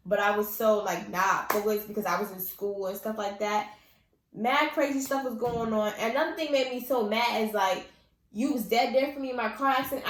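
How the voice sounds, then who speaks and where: Profane, animated young New woman. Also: a little high, reverberant, a little hiss or hum. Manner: animated, blunt and profane, heavy slang. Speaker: vlogger telling a personal story. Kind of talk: casual storytime vlog.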